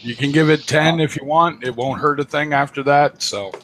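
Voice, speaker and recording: A man offers short, dry-humored remarks in a bright, forceful voice. He keeps his answers clipped over a faint hiss. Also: fairly high pitch, moderate pace. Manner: brief, dry and joking. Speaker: reef hobbyist giving advice. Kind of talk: casual chat.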